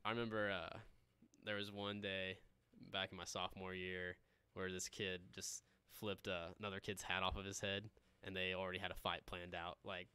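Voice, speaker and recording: A man co-hosts a casual podcast, spinning anecdotes and agreeing readily with his partner. His voice is low and smooth, recorded close with a dry sound. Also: little pitch movement, moderate pace, pushed and bright, no room sound. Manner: storytelling, chuckles often, agreeable.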